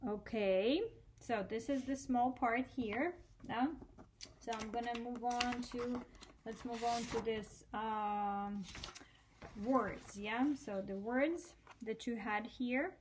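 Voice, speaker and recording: Woman, unhurried teacher, spells out letters one by one. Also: fairly high pitch, a little hiss or hum. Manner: patient, spells out letters, checks in with "да?". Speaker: Russian language teacher. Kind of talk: slow step-by-step handwriting lesson.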